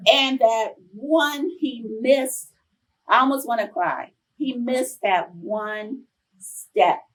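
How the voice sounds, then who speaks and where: A woman in her fifties, a professor giving a conference talk, telling chatty, animated personal stories to the audience. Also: fairly high pitch, slow pace, far from the mic, poor audio. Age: 50s. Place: conference room.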